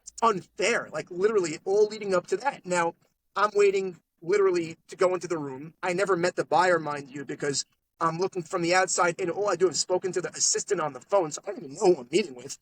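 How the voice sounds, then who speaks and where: Animated New salesman telling stories. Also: high voice, slight background noise, rough recording. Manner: animated salesman storytelling, quick asides. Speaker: podcast guest. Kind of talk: casual storytelling interview. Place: podcast studio.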